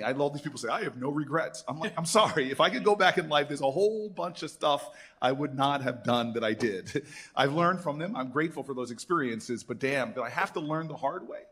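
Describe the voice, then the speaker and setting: A man in his fifties, a senator, telling animated stories at an alumni event and acting out the people he quotes. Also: fairly high pitch, breathy edge. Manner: animated storyteller who acts out quoted voices. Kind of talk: storytelling speech.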